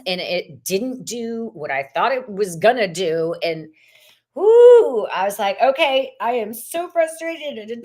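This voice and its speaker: A woman runs a live tarot reading in an easy, unhurried way. She chats freely, greets viewers by name and laughs often between the cards. Her voice sits at a middle pitch. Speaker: tarot reader hosting a live stream.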